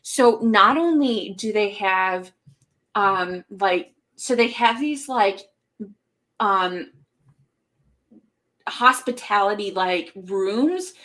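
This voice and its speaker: A woman's voice: mid-range voice, lively intonation, extremely slow, long pauses, a bit bright. A woman co-hosting a live podcast, telling stories in a rambling, casual way with lots of fillers. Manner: rambling, filler-heavy storytelling. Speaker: podcast co-host. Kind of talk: casual live-stream chat.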